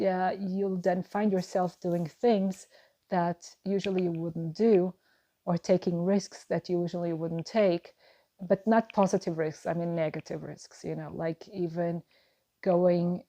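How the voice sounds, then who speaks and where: A woman's voice: lowish voice, steady tone, measured pace, mellow. Woman giving a reassuring tarot reading. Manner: earnest, reassuring, musing with repeated phrases. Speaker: tarot card reader. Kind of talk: tarot reading monologue to camera.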